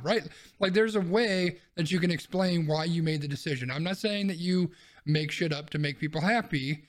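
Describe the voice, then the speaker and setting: Male co-host, measured and reasoning, repeats himself mid-thought, slightly raised pitch. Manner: reasoned, repeats words as he thinks. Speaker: podcast co-host. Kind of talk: casual chat.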